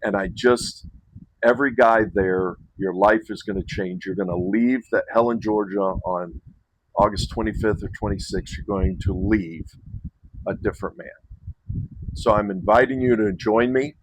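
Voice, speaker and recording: A man's voice: lowish voice, normal speed, slight background noise, low-quality recording. A man hosting a men's retreat, giving a casual invitation to the camera with frequent restarts and self-corrections.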